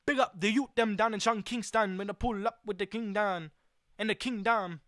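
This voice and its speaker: A man putting on a mock patois voice, loudly chanting nonsense freestyle rhymes in a sing-song beat. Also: sits high, steady tone, normal speed, dry recording, studio quality, voice pushed up. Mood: hyped.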